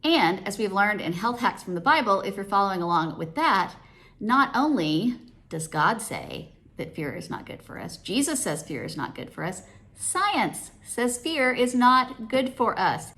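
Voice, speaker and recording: A woman's voice: mid-range voice, very animated, a little slow, bright, forceful tone. A woman giving a casual devotional talk as a Christian speaker and teacher, conversational, acting out dialogue in quoted voices.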